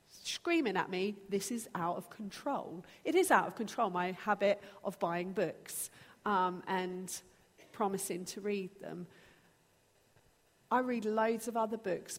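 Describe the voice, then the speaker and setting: Woman in her thirties, preacher, slow and deliberate, earnest and animated, church hall reverb. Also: medium pitch. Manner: earnest, animated, acts out her own pleas to God. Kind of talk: sermon.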